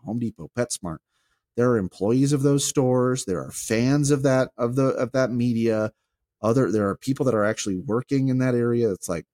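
A former pastor with a fairly low voice talks on a podcast, animated and rambling, often restarting his sentences. The sound is dry and close, with no room around it. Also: no echo. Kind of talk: casual chat.

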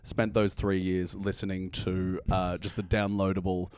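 A man guest in a comedy persona, telling absurd stories in a dry, rambling deadpan. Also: low-pitched, unhurried, clear, resonant tone.

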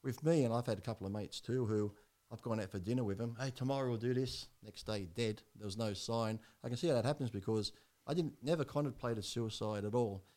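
A man's voice: medium pitch, brisk, mellow. A man, a podcast guest telling his story in a blunt, rambling way with heavy swearing.

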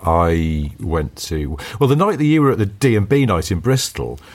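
A middle-aged man, co-hosting a podcast and telling stories in an animated, chuckling way. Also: moderate pace. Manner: animated storyteller, chuckling, pitch jumping up when excited. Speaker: podcast co-host. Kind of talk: casual chat.

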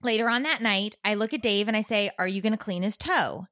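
Animated bright-voiced woman telling stories. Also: mid-range voice, a little fast, no echo, clean studio sound. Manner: animated storyteller, acts out voices. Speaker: podcast co-host. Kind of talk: casual chat.

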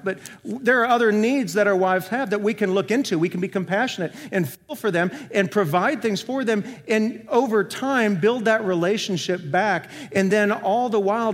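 A male senior pastor preaching a sermon, asking the congregation questions and moving between emphatic and soft delivery. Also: sits high. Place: church sanctuary. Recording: long hall reverb.

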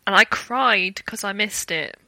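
Young british woman, bright crisp tone, dry close sound, lively storyteller. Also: medium pitch, a little slow, no room sound. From Britain. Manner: animated storytelling with acted-out quotes and laughter. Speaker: guest, actor. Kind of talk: casual interview chat.

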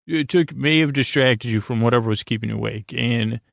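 A man's voice: mid-range voice, brisk, vocal fry, a bit bright, no room sound. A man hosting a sleep podcast, rambling through a goofy bedtime monologue that meanders and keeps restarting.

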